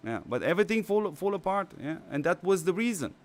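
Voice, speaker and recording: A man's voice: high-pitched, sing-song, brisk. A male mobile strategy game streamer who is losing his voice, rambling with many fillers and restarts. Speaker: gaming channel host. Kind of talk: casual stream commentary.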